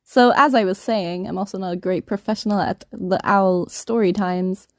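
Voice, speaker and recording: A woman's voice: mid-range voice, normal speed, no echo, studio quality. A young woman in her twenties co-hosting a podcast, rambling through a story in casual chat and laughing often. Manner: giggly, rambling, laughs often mid-sentence. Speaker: podcast co-host telling a story.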